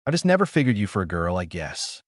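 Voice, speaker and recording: A man voicing a hot-headed young boy ninja who rants and yells. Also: low-pitched, big pitch swings, quick pace, no room sound, clean studio sound. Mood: wary. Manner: ranting, yelling.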